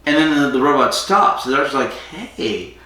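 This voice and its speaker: A man's voice: mid-range voice, steady tone, fast talker, bright, forceful tone. A man co-hosting a podcast, rambling through a casual episode recap and acting out the characters' lines. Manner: rambling storyteller, acts out quotes. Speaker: podcast co-host. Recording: echoey room, distant from mic.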